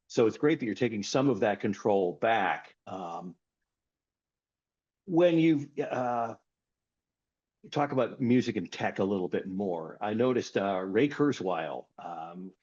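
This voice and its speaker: A man hosting a radio interview, asking questions with quick, stumbling lead-ins. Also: lowish voice, expressive, darkish tone, slightly rough, highs cut off.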